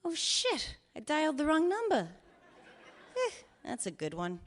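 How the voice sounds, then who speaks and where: A cheerful, foul-mouthed older father leaving rambling voicemails, as his daughter puts him on. His voice sits fairly high and swings widely between phrases. He teases, swears and says he loves her in the same breath. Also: wildly swooping pitch, unhurried, heavily acted. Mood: joking. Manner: swearing freely, wry and affectionate. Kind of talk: reading voicemails aloud in character.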